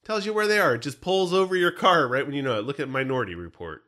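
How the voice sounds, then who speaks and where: A man's voice: fairly high pitch, fast talker. A man co-hosting a podcast in casual chat, joking and poking fun at himself. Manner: joking, self-mocking, animated. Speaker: podcast co-host.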